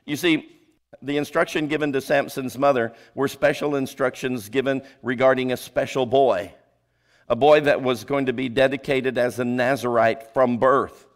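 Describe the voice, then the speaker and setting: A man's voice: steady tone, normal speed. A man preaching with rhetorical questions. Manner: emphatic, asks the audience rhetorical questions; drops pitch and volume for emphasis. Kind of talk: sermon.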